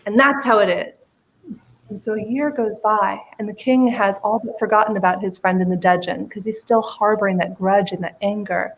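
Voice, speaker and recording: A woman's voice: medium pitch, fairly even intonation, normal speed, rough recording. A woman who is a radio show guest, telling a story with theatrical expression.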